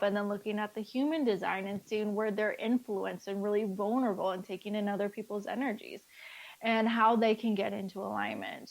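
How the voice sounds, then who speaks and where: A woman speaking as a life coach guest in a casual interview, lively and acting out the dialogue she quotes. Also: medium pitch.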